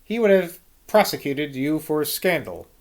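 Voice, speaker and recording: A man voicing a stern, learned 18th-century English gentleman, speaking emphatically. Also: fairly high pitch, big pitch swings, a little slow. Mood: emphatic.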